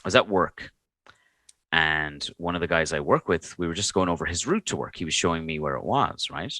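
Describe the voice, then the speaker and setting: A man's voice: low-pitched, expressive, a little fast, sharp tone, no room sound. A man in his thirties co-hosting a podcast, telling a story in casual chat, swearing freely and acting out his own reactions. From Ireland. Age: 30s. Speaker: podcast co-host.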